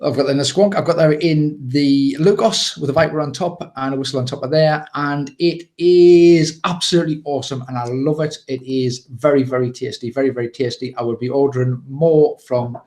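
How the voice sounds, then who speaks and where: A British man co-hosting a live show, chatting casually and excitedly, rambling with fillers and laughs. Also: mid-range voice, brisk, few pauses. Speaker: co-host.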